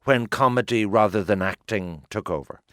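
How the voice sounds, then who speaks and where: A man hosting a radio interview, chatty and quick to chip in. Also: on the low side, a bit bright, no echo, studio quality. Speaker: radio host. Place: radio studio.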